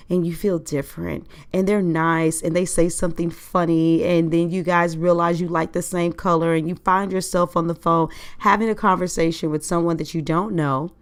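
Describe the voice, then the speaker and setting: Woman, podcast host, lower voice, casual solo talk full of rhetorical questions. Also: smooth.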